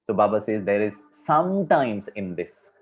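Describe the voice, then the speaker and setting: A man's voice: lowish voice, big pitch swings, moderate pace. A man giving a conversational spiritual discourse to a class, using many fillers. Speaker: spiritual speaker. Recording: dull lo-fi recording.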